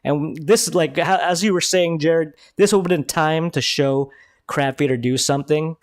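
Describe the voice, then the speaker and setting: A man hosting a live review stream, talking excitedly in casual commentary and swearing freely. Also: fairly high pitch, normal speed, dry recording, studio quality.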